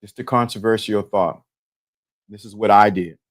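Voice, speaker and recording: A man hosting a live-stream talk show, animated and laughing, repeating himself and talking to the chat. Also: fairly low pitch, normal speed. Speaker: host.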